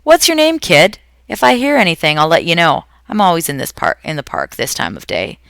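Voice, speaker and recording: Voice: mid-range voice, lively intonation, moderate pace, gravelly, bright, forceful tone, dry recording, clean studio sound, exaggerated voice. A reader voicing a blunt, impatient old homeless woman on a park bench. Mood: gruff.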